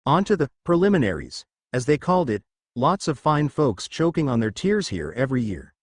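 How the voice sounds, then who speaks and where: A man's voice: mid-range voice, very animated, brisk, slightly rough, no echo, clean studio sound. A man voicing a flamboyant, teasing adult female hero who referees a school tournament in a fan-fiction reading.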